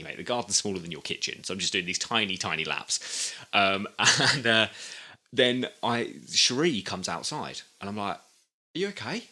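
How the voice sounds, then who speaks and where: Young guy, low voice but really bright and sharp, laughs a lot telling his story. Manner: laughing storyteller, swears freely. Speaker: podcast co-host. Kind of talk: casual chat.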